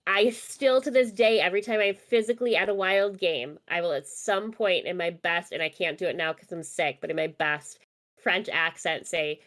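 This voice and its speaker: A woman's voice: fairly low pitch, normal speed, a bit bright. A woman from Minnesota co-hosting a podcast, chatting about sports in a fired-up, chatty way and swearing freely. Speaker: podcast co-host. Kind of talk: casual sports chat.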